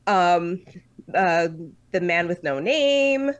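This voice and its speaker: Her lowish voice is expressive and takes things slowly, and the sound is lo-fi. As a podcast co-host chatting casually, she laughs often, uses lots of fillers, and keeps the talk loose.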